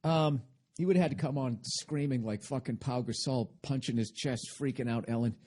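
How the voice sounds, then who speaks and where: A man's voice: mid-range voice, normal speed, a little mellow. A man hosting a podcast, delivering a rambling, sarcastic comedic rant full of swearing. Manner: sarcastic, self-mocking. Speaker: podcast host.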